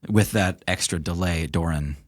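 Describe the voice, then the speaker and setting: A man narrating as game master of a tabletop game, describing scenes in a relaxed way. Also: low voice, normal speed, dry recording, clean studio sound.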